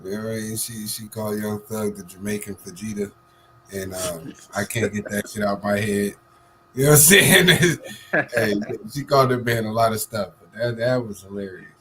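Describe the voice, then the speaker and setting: A man co-hosting a casual talk show, animated and joking, laughing often. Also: lowish voice, normal speed, a little hiss or hum. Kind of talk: casual chat.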